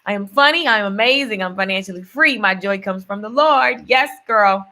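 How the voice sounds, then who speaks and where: A woman's voice: mid-range voice, normal speed, pushed and bright. A woman, talking casually and upbeat in a motivational vlog, reciting affirmations and chatting with her viewers, often repeating words for emphasis. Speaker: vlogger.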